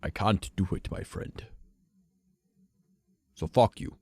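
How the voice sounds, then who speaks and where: A man's voice: slow pace, a little mellow, no room sound. A young man with a stuffy nose, streaming and rambling casually, swearing and playing mock-offended. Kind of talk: casual chat.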